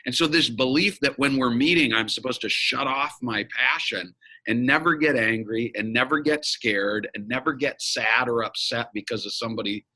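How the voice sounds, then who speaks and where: A man's voice: mid-range voice, normal speed, pushed and bright, poor audio. A man speaking as an interview guest, a business coach and facilitator who talks frankly and emphatically and swears now and then. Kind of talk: candid interview conversation.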